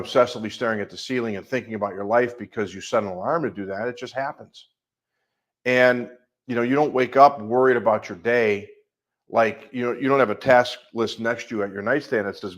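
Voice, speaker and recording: On a coaching call, a life coach speaks with a medium pitch and a Midwestern American accent; he's a middle-aged man. His delivery is emphatic, and he keeps heaping on lengthy lists that repeat themselves.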